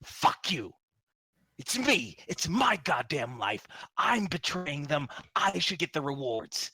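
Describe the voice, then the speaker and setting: A man voicing a foul-mouthed, defiant criminal being interrogated, yelling insults. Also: a little slow, low-quality recording. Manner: snarling, swearing, pitch leaps up when yelling.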